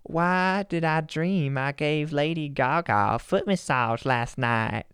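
A woman's voice: sits low, slow, smooth, no room sound, clean studio sound. A woman voicing a chatty young female pop star with a slight Southern twang, in a drawling, teasing read. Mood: playful.

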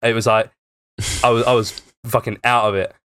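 A man's voice: medium pitch, steady tone, moderate pace, a bit bright, clean tone. Rambling, sweary young man. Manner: rambling storyteller, lots of swearing and fillers. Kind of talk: casual chat.

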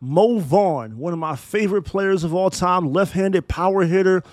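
A man's voice: high-pitched, moderate pace, dry recording. Blunt, profane male podcast host. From Maryland, USA. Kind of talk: opinionated solo podcast monologue.

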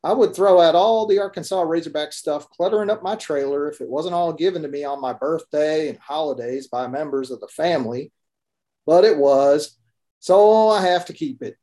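A man's voice: fairly high pitch, normal speed, warm tone, close to an everyday voice. A Midwestern man voicing a grumbling, joking Texan man with a Texas accent in a folksy, wry storytelling manner.

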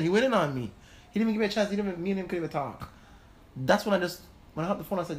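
A man hosting a casual chat and telling a personal story with animated energy. His voice sits a bit high for a man. A faint hum of background noise runs under the talk. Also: very fast. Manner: animated, swears, laughs mid-story. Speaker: host.

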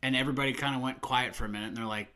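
A man with a bright, forceful voice chats casually on a movie podcast. He tells animated stories, laughs often and slips into quoting people. His pitch sits in the middle range. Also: very fast. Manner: animated storytelling, laughs often, acts out quotes. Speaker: podcast co-host.

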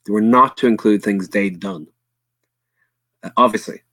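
A man's voice: lowish voice, normal speed, bright, forceful tone, no room sound. A man with an Irish accent talking through history in a casual podcast chat, earnest and blunt, full of fillers and restarts.

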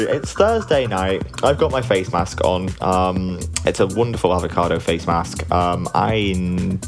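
A man hosting a podcast from home at night, sleepy and relaxed, rambling candidly and swearing casually. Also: low-pitched, unhurried, hardly any pauses, over music. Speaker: podcast host. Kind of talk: casual solo podcast chat.

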